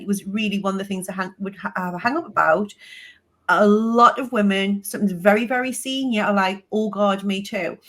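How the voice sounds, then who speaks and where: A woman with a strong Geordie accent, a guest telling stories in a casual interview and swearing freely. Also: medium pitch. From Northeast England. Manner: lively storytelling, swears casually. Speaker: podcast guest, business coach.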